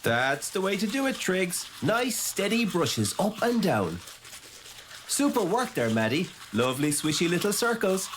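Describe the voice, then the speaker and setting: A woman's voice: on the low side, big pitch swings, measured pace, slight background noise. A woman voicing a kindly grown-up in a children's cartoon, speaking in a soothing, encouraging way.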